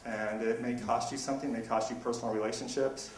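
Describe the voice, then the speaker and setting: A man makes his debate case in a brisk, argumentative way. His voice sits in the middle range and sounds far from the mic, echoing in a roomy hall. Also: medium pitch, level tone, a little hiss or hum. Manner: argumentative, brisk rhetorical back-and-forth. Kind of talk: public debate presentation. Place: university lecture room. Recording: echoey room recorded from afar.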